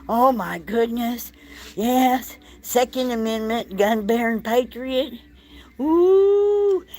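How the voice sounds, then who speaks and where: A woman's voice: a little high, a little mellow. A woman, filming a casual vlog walk-through of an indoor shop on a handheld phone, exclaiming and gushing over what she sees. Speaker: vlogger.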